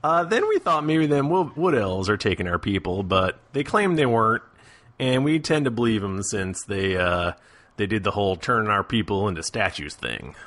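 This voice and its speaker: A man's voice: lowish voice, sing-song, moderate pace, a bit bright. A man voicing a rustic villager in a put-on Southern US drawl, rambling in a roundabout, folksy way, in a tabletop role-play.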